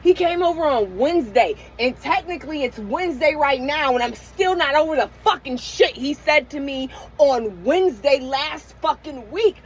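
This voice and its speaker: A woman's voice: sits high, lively intonation, normal speed, few pauses, rough recording. A middle-aged woman in a candid late-night vlog rant from inside her van, venting emotionally and profanely with many restarts. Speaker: van-life vlogger.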